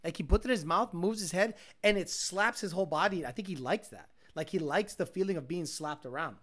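A man's voice: high-pitched, brisk. Profane, rambling man hosting a livestream. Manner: rambling, profane, mimics sounds with loud bursts. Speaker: livestream host. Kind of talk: casual livestream chat.

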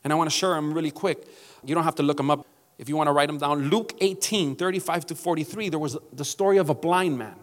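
A man's voice: a little high, fast, big-room sound. A male pastor preaching a sermon emphatically, calling out to his congregation.

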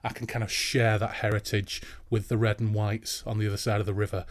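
A man's voice: lowish voice, little pitch movement, brisk. Man, podcast host, rambling, casual interview chat. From Hull, East Yorkshire, England. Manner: chatty, rambling into tangents.

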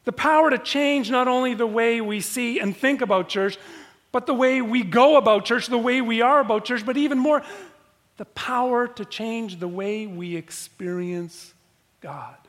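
Man, pastor, emphatic sermon, very high voice, long church reverb. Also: fairly bright tone. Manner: emphatic, repeats key phrases with dramatic pauses.

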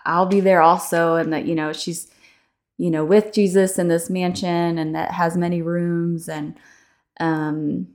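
A young adult woman hosting a devotional podcast, chatting casually with many fillers and slowing down to read scripture aloud. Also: lowish voice, level tone, darkish tone. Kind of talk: casual devotional reading and reflection.

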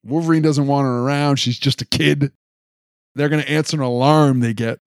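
A man's voice: mid-range voice, fairly even intonation, a little fast, no room sound, studio quality. A man co-hosting a casual chat, steadily recapping events with occasional fillers. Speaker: podcast co-host.

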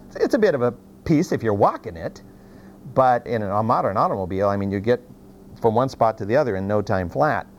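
A man teaching a sermon on a Bible passage, telling it as a story in a folksy, animated way with many restarts. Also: on the low side, brisk, a little hiss or hum.

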